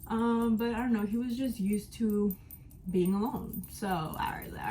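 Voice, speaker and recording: A woman's voice: mid-range voice, unhurried, mellow, slight background noise, poor audio. A woman in her twenties chatting frankly to camera as she gets ready, telling her story with emphatic, casual talk. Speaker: vlogger. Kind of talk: candid life-update storytelling. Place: at home while getting ready.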